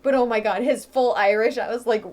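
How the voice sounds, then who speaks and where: A woman's voice: on the high side, steady tone, a little fast, darkish tone. A young woman from Ohio, chatting casually and rambling while she plays a game. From Ohio, USA. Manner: chatty, rambling, lots of "um" and "like", laughs easily. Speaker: let's-play host. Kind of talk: casual chat over gameplay.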